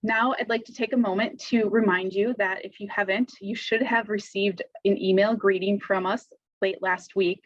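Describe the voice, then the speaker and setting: A woman's voice: mid-range voice, fairly even intonation, normal speed. A woman hosting a virtual graduation ceremony in a friendly, formal way, introducing speakers and thanking staff. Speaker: ceremony host. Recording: slightly dull lo-fi sound.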